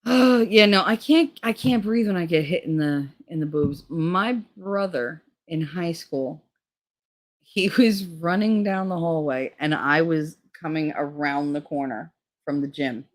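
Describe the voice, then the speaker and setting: A woman's voice: low voice, measured pace. A middle-aged woman streaming a casual chat, rambling through crude stories with lots of swearing.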